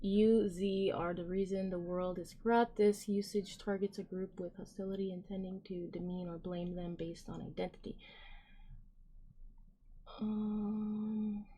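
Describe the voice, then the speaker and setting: A woman's voice: mid-range voice, fairly even intonation, measured pace, dark tone, slightly rough. A woman live-streaming, chatting casually and reading viewer comments aloud, rambling with lots of fillers and giggles.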